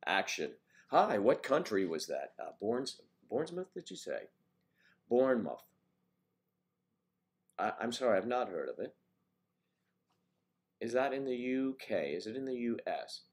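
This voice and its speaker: A man's voice: mid-range voice, big pitch swings, measured pace, pauses often. A man hosting a casual morning livestream, reading out viewers' names and comments and answering them with easygoing jokes. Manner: easygoing, joking asides. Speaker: livestream host.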